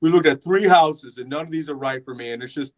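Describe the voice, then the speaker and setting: A man's voice: on the high side, fast talker, close to an everyday voice. A hopeless, worn-down homebuyer, as a man acts it out, talking in a deflated, mopey voice. The voice stays close to an everyday man's speech, just sagging with defeat. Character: hopeless discouraged homebuyer ready to give up.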